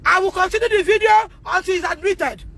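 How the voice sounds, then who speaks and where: A Nigerian woman with a Nigerian English accent, speaking out on a phone livestream, emotional and repetitive, rising to shouts and tearful at times. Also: very high voice, quick pace, low-quality recording. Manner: emotional, repeats herself, rises to shouting. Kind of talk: impassioned livestream testimony.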